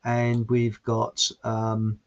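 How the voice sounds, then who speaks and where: A man's voice: on the low side, completely flat delivery, drawn-out words, faint music behind. Rambling, chatty male stream host. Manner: rambling and chatty, loose restarts, chuckles. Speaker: livestream show host. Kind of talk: casual chat, reading out viewer comments. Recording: dull lo-fi stream audio.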